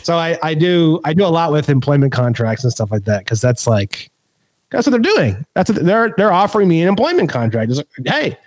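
A man talking as a guest on a casual podcast, swearing freely and laughing as he tells stories with lively mimicry. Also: fairly high pitch, a little fast, a little hiss or hum. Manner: profane, laughing, animated storyteller.

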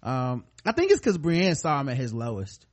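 A man's voice: mid-range voice, wildly swooping pitch, normal speed. A man hosting a podcast, recapping a show in loose, profane, storytelling chat. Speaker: podcast host.

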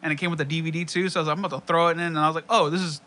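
A young man with a bright, somewhat high voice tells casual stories among friends. He swears freely and acts out what everyone said along the way. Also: very fast. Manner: profane, animated storytelling with quoted asides. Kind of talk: casual chat.

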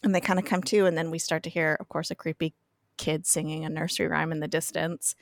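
A woman's voice: low voice, fairly even intonation, quick pace, dry recording. Giggly woman telling a story, dry mic. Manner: giggly, chatty storytelling with frequent laughs. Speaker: podcast guest recapping an episode. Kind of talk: casual chat.

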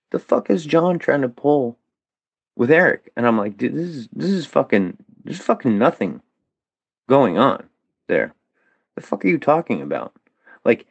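A man's voice: lowish voice, no room sound, lo-fi sound. A man telling a long story as a podcast guest, swearing constantly and tossing in "dude" and "bro". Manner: profane, animated, peppers speech with "dude" and "bro". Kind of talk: casual storytelling.

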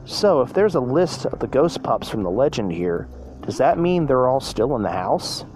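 A man's voice: medium pitch, very animated, normal speed, a little mellow, slight background noise, close to an everyday voice. A man voicing a nervous young female pup.

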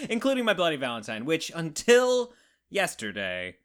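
Lively, bright-voiced Canadian podcast host. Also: mid-range voice, normal speed. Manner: animated, jokey. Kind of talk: casual chat.

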